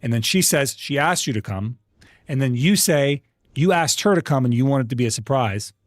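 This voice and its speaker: A man's voice: mid-range voice, lively intonation, normal speed, no echo, clean studio sound. A man streaming live, telling a family argument to his chat in a profane, indignant way. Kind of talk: casual storytelling to a live chat.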